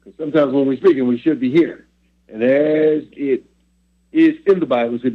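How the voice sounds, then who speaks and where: A man speaks as a pastor and show host, praying and then chatting about faith. His voice is husky and comes through thin, like a phone line. He talks in a measured, preacherly way and repeats his phrases. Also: medium pitch. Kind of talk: prayer and faith talk.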